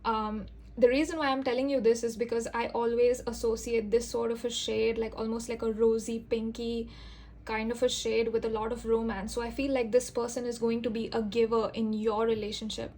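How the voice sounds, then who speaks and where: A woman giving an intuitive tarot reading, speaking gently and earnestly with a reassuring, soft-spoken manner and frequent fillers. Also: fairly high pitch, level tone, brisk, a little hiss or hum. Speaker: tarot reader.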